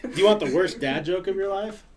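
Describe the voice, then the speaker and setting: A man's voice: high voice, a little fast, darkish tone, slight background noise. A man hosting a casual podcast chat, telling stories and puns with frequent laughter. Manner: tells stories and puns, laughs through them.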